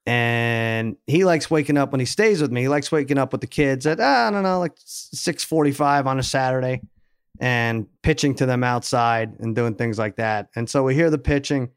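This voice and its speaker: A man co-hosting a podcast, telling a story in an animated, exasperated way. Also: medium pitch, smooth, no echo, clean studio sound. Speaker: podcast co-host. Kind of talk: casual storytelling chat.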